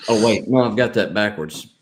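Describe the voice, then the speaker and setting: A man hosting a casual live stream, joking around, rambling and reading viewer comments out loud. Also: lowish voice, moderate pace, slight background noise.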